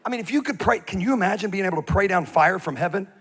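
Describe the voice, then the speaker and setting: High-voiced, animated male preacher. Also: fast talker, slightly rough. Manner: humorous, animated storytelling; swings from loud emphasis to quiet asides. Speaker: pastor. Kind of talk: sermon.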